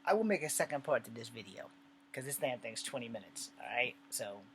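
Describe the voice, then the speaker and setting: A man from the United States vlogging, telling a personal story in a blunt, casual way with lots of swearing and animated retelling. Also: mid-range voice, brisk, slight background noise, low-quality recording. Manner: blunt and profane, with frequent swearing; animated retelling with acted dialogue.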